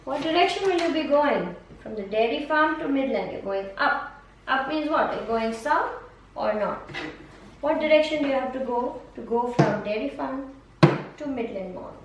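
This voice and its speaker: A woman's voice: high voice, animated, moderate pace. A woman teacher guiding a student through a map lesson one on one, patient and coaxing, repeating prompts and praise. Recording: echoey room from far off, faint noise.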